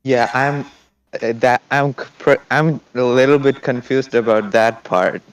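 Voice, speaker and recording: A man calls in to a live stream and stumbles over his words. His speech comes out halting and uncertain. His voice is smooth and clear. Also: medium pitch, poor audio. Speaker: caller. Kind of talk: casual call-in question.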